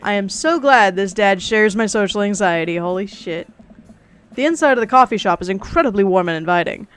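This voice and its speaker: A woman's voice: medium pitch, expressive, fairly quick, fairly bright tone, smooth, soft background music. A woman streamer reading a dating game aloud, playing the dad and narrating, with casual, wry asides.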